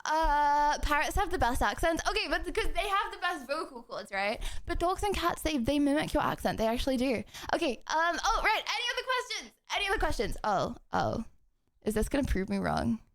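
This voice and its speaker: Excitable young woman streamer, high voice. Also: a little fast. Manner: excitable, giggly, rambling. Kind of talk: casual live-stream chat.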